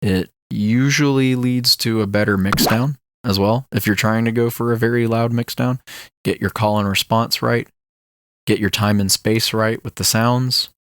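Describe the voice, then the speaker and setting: A young man with a fairly low voice hosts his own podcast. He rambles through ideas with plenty of ums and likes. The recording is dry and close, with no room sound. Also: steady tone, moderate pace, no echo. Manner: rambling, filler-heavy, musing about ideas. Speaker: podcast host. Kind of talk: casual solo podcast talk.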